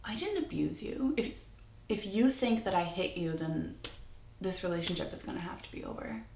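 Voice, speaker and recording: A woman quoting a defensive young boyfriend, hushed. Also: fairly low pitch, animated, moderate pace, vocal fry, echoey room, slight background noise. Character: defensive, manipulative young man, quoted in a story.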